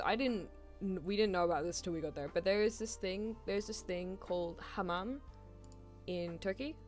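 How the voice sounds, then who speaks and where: A woman's voice: mid-range voice, darkish tone. A young woman with a British accent, chatting casually on a live stream and rambling animatedly, laughing and apologizing often. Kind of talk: casual chat.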